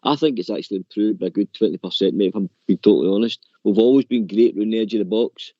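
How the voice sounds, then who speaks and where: A man's voice: fairly low pitch, quick pace, no echo. A man calling in to a radio phone-in, rambling about football with lots of "you know". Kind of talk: casual phone-in chat. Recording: dull dry lo-fi line.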